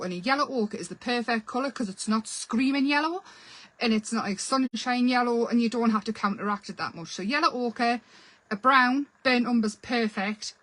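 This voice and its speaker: A craft channel host leads a casual painting tutorial, chatty and self-deprecating as she explains while working. Her voice is a little high and a bit bright, in a rough recording.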